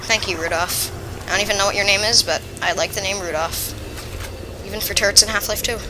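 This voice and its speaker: A woman giving chatty, excitable, rambling commentary while playing a video game. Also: medium pitch, quick pace, noisy background. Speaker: let's play gamer. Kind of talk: casual gameplay commentary.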